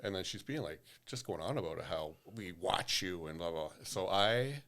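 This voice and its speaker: A man co-hosting a podcast, telling a story in a loose, profane, animated way. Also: low voice, normal speed. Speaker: podcast co-host. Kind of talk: casual storytelling chat.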